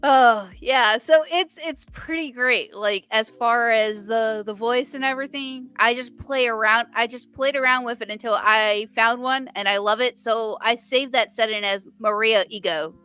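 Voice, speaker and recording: A woman's voice: a little high, normal speed, few pauses, pushed and bright, clear, resonant tone, faint music behind. A woman chatting casually about her writing on a live stream, rambling with many restarts. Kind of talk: casual chat.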